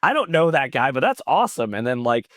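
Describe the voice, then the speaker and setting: Animated man telling stories with bursts of swearing. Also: mid-range voice, brisk, no room sound, studio quality. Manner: animated, swearing, acts out quoted exchanges. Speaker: podcast guest, metal vocalist. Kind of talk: casual storytelling chat. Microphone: video call.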